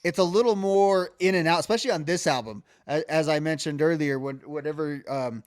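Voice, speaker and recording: A man chatting on a podcast, voice sitting a little high for a man. He rambles, restarts his sentences and fills gaps with "like" and "um." The recording is dry and close, with no room sound. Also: fairly quick, smooth, dry recording. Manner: rambling, many restarts and fillers, hums melodies. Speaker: podcast co-host. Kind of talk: casual music discussion.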